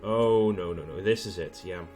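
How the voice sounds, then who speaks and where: A man hosting a let's play, who thinks aloud in relaxed gameplay commentary and stops often on ums and half-finished thoughts. His voice sits somewhat low. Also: moderate pace, soft background music. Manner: hesitant, thinking aloud with many fillers.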